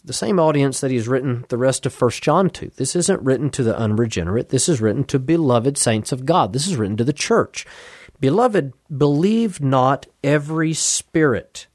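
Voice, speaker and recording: A man preaching an expository sermon, earnest and measured, driving points home with emphatic repetition. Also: medium pitch, a little mellow, no room sound, studio quality.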